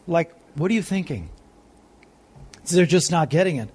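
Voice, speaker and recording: A man giving a Bible sermon in a fairly high-pitched voice. He bursts into excited emphasis, then drops to a hushed, soft tone, and reads scripture aloud between questions to his listeners. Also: moderate pace, husky. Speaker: preacher.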